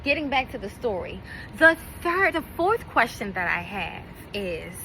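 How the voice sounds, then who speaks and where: A woman's voice: mid-range voice, very animated, a little slow, bright, forceful tone, a little hiss or hum, low-quality recording. A woman telling a personal story to camera in a blunt, profane, indignant vlog rant. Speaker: vlogger.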